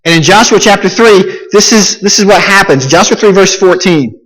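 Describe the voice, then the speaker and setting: A male pastor giving a sermon, retelling the story in lively everyday words and repeating key phrases for emphasis. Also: sits high, moderate pace, long reverb tail, low-quality recording.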